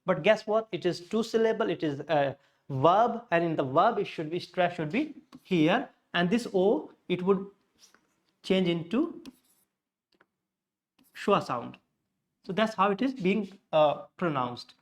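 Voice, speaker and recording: A man with an Indian English accent teaching pronunciation, patiently repeating words slowly to show where the stress falls. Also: sits high, lively intonation. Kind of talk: classroom lesson on word stress.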